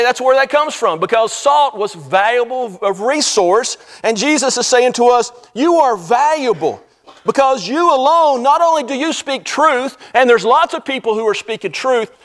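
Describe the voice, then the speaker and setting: High-voiced man preaching a sermon. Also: fairly bright tone. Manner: earnest preaching with swelling emphasis. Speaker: pastor. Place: church sanctuary.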